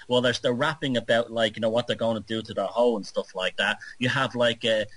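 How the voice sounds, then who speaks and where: A man interviewing on talk radio, speaking in animated, critical, long run-on stretches. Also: mid-range voice, dry recording, poor audio.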